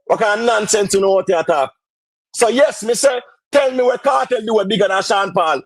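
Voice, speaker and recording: A Jamaican man with a high voice fires off mocking rebuttals, often shouting. The sound is dry and close, with no room around it. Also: moderate pace, no echo. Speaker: debate caller. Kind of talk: heated live stream debate.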